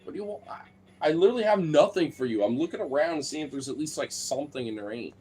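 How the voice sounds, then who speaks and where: Speaking fast and with animation, a man with a darkish, breathy voice chats playfully to his dogs in a vlog. He teases them, swears lightly, and jumps into a high baby-talk pitch when addressing them.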